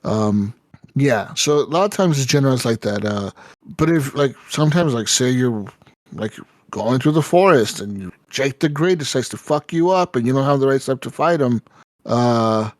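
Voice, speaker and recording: A man co-hosting a gaming podcast, telling stories in a lively, casual way and swearing often. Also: mid-range voice, moderate pace, no room sound. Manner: animated storytelling, swears often. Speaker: podcast co-host. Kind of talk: casual chat.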